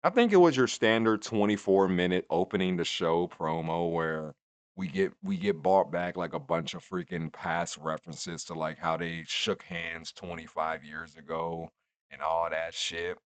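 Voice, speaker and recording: A man's voice: sits low, normal speed, clear, resonant tone, dry recording. A man in his twenties giving a rambling, profane, casual recap of a wrestling show. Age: 20s. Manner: rambling, profane, laid-back.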